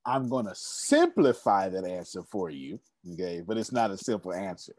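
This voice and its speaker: A man's voice: low-pitched, very animated, normal speed, darkish tone, no room sound. A man in his forties hosting an online business coaching meeting, emphatic and repetitive, laughing often and hyping up the group. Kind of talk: lively group video-call coaching.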